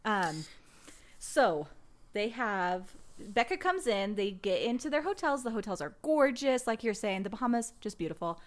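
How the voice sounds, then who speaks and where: Casting note: young woman, casual podcast co-host, rambly and filler-heavy, mid-pitched. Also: big pitch swings, normal speed. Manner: chatty, rambling, lots of "like" fillers. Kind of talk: casual chat.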